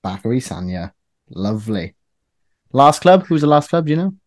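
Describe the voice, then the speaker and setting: A man hosts a casual football quiz, teasing his friends as he reads out lists of clubs. His voice sits at an ordinary pitch. The sound is close and dry. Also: sing-song, normal speed, a little mellow, no room sound. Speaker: quiz host.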